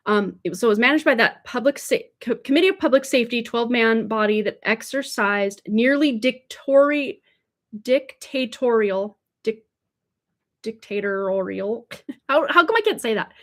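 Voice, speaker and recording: Lady doing a chill tarot livestream, kinda high voice, rambles, trips on words and laughs it off. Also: moderate pace. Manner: chatty and rambling, stumbles over words with small laughs. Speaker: tarot reader. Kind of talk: casual livestream tarot reading. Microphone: livestream mic.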